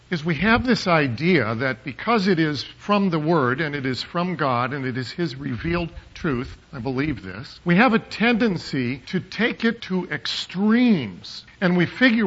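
Man, pastor giving a sermon, slightly high voice, animated and playful, dull lo-fi recording. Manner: animated, acts out quoted voices for humor. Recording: muffled lo-fi sound.

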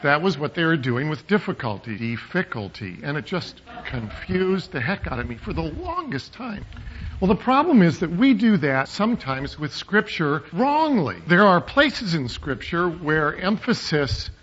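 Male pastor, conversational sermon with jokes; animated pitch, slightly raised voice, muffled recording. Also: normal speed, a little hiss or hum. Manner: conversational and digressive, with humorous asides. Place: church sanctuary.

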